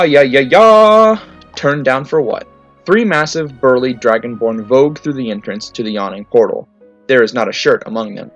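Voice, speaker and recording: A man reading tabletop game stories aloud in a clipped, matter-of-fact, deadpan way. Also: medium pitch. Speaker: narrator reading fan stories. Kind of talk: storytelling reading. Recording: slightly muffled, faint music.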